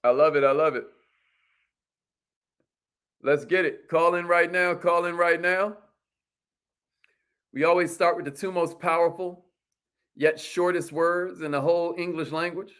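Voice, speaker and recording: A man hosting a motivational livestream, hyping viewers with repeated call-and-response lines and shout-outs to viewers. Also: a little high, measured pace, long pauses, clear, resonant tone. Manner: energetic, repetitive call-and-response hype with "y'all".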